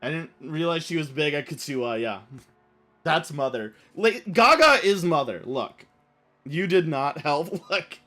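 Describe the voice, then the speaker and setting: A man streaming a game, telling a story in an animated, rambling way full of fillers. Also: on the high side, measured pace. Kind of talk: casual storytelling while playing.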